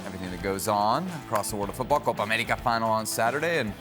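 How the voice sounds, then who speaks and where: Male show host, lively sing-song pitch, teasing, clear music bed behind. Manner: teasing, upbeat and quick to laugh. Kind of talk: casual panel hosting.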